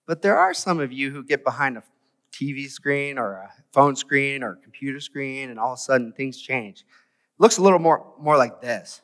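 A man giving a conversational church sermon, animated and full of rhetorical questions. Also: medium pitch, normal speed, long reverb tail. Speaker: preacher. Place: church sanctuary.

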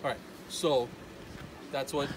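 A man working as a police officer, questioning someone outdoors at a scene, firm and brisk, steering the talk with repeated okays. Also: medium pitch, fairly even intonation, a crowd in the background. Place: outdoors in a residential street. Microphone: handheld phone camera nearby. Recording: noisy outdoor scene with voices around.

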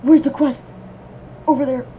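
A woman giving casual, rambling commentary on her gameplay, reacting excitably and yelping when enemies swarm her. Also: high voice, moderate pace, highs cut off, slight background noise. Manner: excitable, yelps and shrieks at enemies; rambling running reactions to the game. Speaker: gamer.

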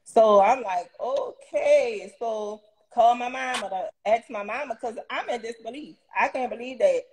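A young adult woman, a guest in a casual interview, telling a story in an animated way and acting out the people she quotes. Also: fairly high pitch, a little slow, slight background noise, poor audio. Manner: animated retelling with quoted dialogue and laughs.

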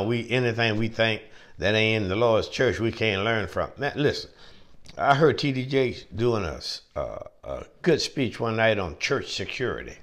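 A male preacher delivering a sermon with a lively, swooping pitch. He hammers points home through repetition and emphatic rising peaks.

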